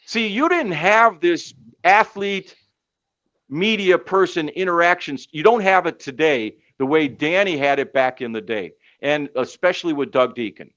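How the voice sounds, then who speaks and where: Animated storytelling sportscaster, man. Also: on the high side, unhurried, muffled recording. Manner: animated storyteller with many fillers. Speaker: sportscaster and podcast guest. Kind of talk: casual storytelling chat.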